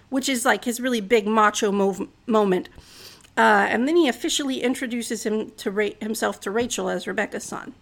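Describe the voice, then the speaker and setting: A woman's voice: fairly high pitch, vocal fry, fairly bright tone. A woman casually retelling a Bible story in her own words, chatty, with fillers and wry asides.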